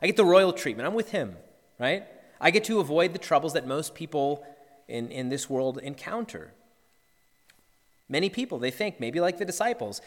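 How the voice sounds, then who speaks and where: A man's voice: on the high side, animated, normal speed, long reverb tail. A man, a pastor, preaching an earnest sermon and acting out the disciples' cries.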